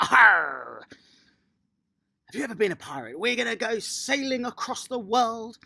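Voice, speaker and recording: A children's tennis coach, giving a lively, encouraging home lesson and praising the young players outdoors in a garden. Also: mid-range voice.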